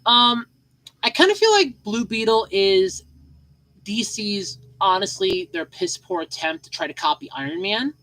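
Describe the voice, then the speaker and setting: A woman's voice: mid-range voice, animated, unhurried, fairly bright tone, poor audio. A woman hosting a solo podcast in a casual, rambling way, full of fillers and repeated phrases, and sleepy. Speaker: podcast host.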